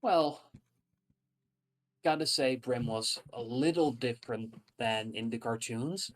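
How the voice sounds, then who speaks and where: A game master voicing an excitable young woman in a tabletop game, speaking upbeat and lively. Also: mid-range voice, slow pace, distant mic, lightly acted. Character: excitable young woman who loves blowing things up.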